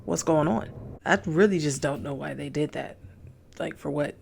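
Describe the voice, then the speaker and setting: A man's voice: a little high, normal speed, gravelly, slight background noise. A man hosting a reaction video, speaking in laid-back casual commentary.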